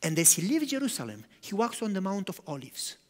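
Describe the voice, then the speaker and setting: Animated male preacher in a reverberant hall. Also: high voice, fairly quick. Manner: animated, swings from loud to hushed. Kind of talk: sermon.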